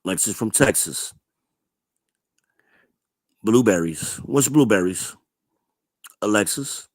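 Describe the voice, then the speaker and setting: A man's voice: lowish voice, animated, slow pace, a little mellow. A man from New Jersey hosting a livestream, ranting to his chat in a blunt, profane, combative way. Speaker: livestream host. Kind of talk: ranting live-chat commentary.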